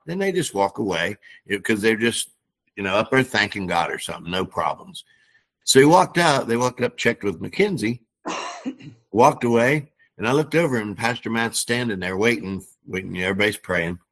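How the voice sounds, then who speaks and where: Middle-aged man, low voice, storyteller who acts out what people said. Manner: animated, acts out quoted dialogue. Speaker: guest. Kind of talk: casual storytelling.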